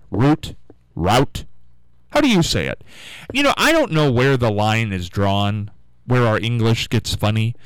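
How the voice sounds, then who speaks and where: Man from Ohio, radio host, rambling musing monologue, animated voice, dry studio sound. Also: fairly low pitch, smooth, no echo, low-quality recording. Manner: rambling, chatty, musing aloud.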